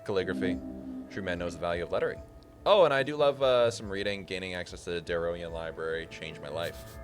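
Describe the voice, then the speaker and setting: A man's voice: deep voice, fast, natural voice. A man voicing a small, smug male imp who works as a clerk, reading the lines in a wry, matter-of-fact way over game music.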